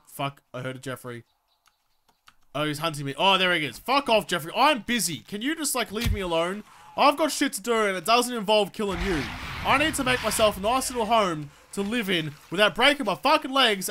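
Pushed, bright, and high-pitched, the voice belongs to a man who makes gaming videos. In his let's play commentary he swears constantly, rants in exasperation, and snaps back at game enemies.

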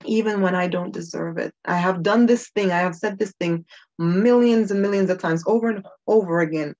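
A woman's voice: fairly low pitch, normal speed, a little mellow, muffled recording. A woman giving an earnest personal devotional talk, stressing her points by repeating phrases. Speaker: Christian video host.

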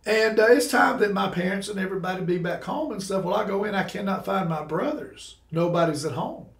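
A man, a podcast guest, telling a personal story with lively, laughing energy and casual exclamations like "bro". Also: high voice, brisk. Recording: roomy sound from a distant mic.

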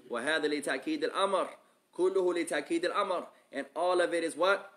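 Brisk, bright-voiced male Islamic teacher. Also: a little high. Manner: asks the audience rhetorical questions; reads Arabic quickly, explains in English more slowly. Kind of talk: religious lesson, reading Arabic then translating to English.

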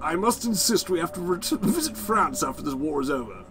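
A man's voice: a little high, big pitch swings, brisk, music in the background. A man voicing a young male soldier writing letters home, reading them aloud in a put-on exaggerated English accent. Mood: earnest.

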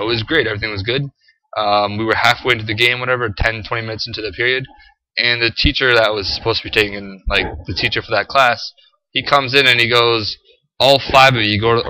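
A teenage high school boy ranting to camera, profane and exasperated, full of "like" and "freaking". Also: sharp tone, rough recording. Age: teens. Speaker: high school student vlogger.

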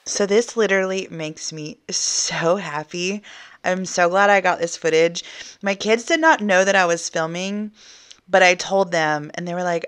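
Smooth, low-pitched woman vlogger. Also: normal speed. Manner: upbeat, chatty, addresses viewers directly. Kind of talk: chatty vlog voice-over.

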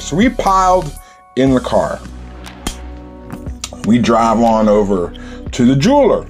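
A man's voice: mid-range voice, sing-song, measured pace, long pauses, faint music behind. A man telling a childhood story in casual, streetwise slang, with lots of "you know.".

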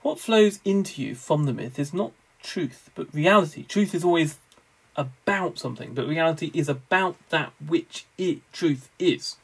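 A man lecturing on theology in a measured, scholarly way, with the odd wry aside. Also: fairly high pitch, animated, gravelly, husky, poor audio.

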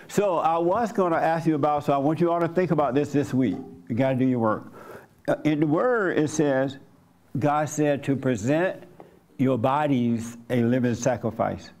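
Gravelly-voiced pastor, blunt and conversational. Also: male voice, a little high, a little mellow. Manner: blunt, conversational, colloquial, questions the congregation. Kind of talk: interactive church teaching. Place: church gathering.

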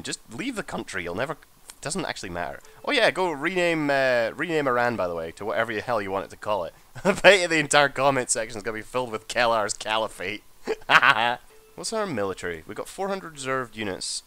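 A young man giving casual, profane, joking commentary as he plays a strategy game, excitable and jumping into high-pitched outbursts. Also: no room sound. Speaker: gamer and channel host.

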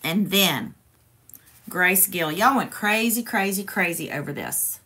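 A woman's voice: lowish voice, animated, a little slow, pushed and bright, slightly rough. A woman hosts a casual crafting livestream, chatty and playful, talking straight to her viewers.

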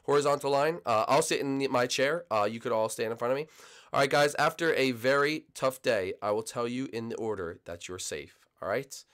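A man's voice: medium pitch, fairly quick, a bit bright, close to an everyday voice. A man voicing a flustered young bachelor who interviews dating contestants, stammering and bossy. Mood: exasperated. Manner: hesitant, stammering, bossy with his guests.

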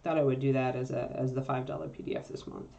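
Low-voiced woman chatting through a painting tutorial. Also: steady tone, fast, gravelly, mellow, muffled recording. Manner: chatty, thinks aloud with fillers while working. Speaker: miniature painting instructor.

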